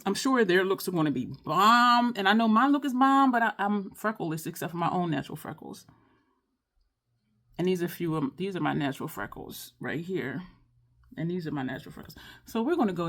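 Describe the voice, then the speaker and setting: A woman, chatting casually in a makeup tutorial, rambling and apologetic, with sighs and many restarts. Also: mid-range voice. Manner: frustrated, rambling, apologetic, repeats herself. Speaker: beauty vlogger.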